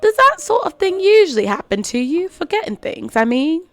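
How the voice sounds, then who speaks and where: Rich: a woman playing a smug, riddling male cat from a game, purring out teasing half-answers in a put-on accent. The voice sits high and swoops widely, full of sly lilts. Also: big pitch swings, moderate pace, fairly bright tone, faint music behind, heavily acted.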